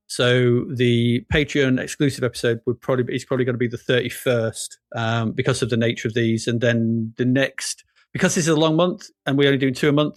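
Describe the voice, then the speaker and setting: A man's voice: medium pitch, dry recording, clean studio sound. A man hosting a podcast in casual chat, rambling and laughing often. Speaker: podcast host.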